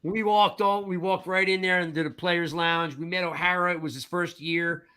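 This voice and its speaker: A man co-hosting a sports talk show, telling a long anecdote in a lively, chatty way, acting out the other people's voices. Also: high voice, normal speed, clear, resonant tone. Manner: animated storyteller, acts out voices, repeats "I'm like" and "right?". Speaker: podcast co-host. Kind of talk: casual storytelling chat.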